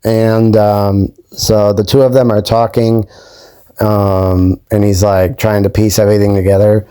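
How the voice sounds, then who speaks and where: A man's voice: on the low side, little pitch movement, a little slow, mellow, smooth, dry recording. A young adult man hosting his own channel, recapping a show in a casual way, hesitant and full of ums and you-knows. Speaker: YouTube host.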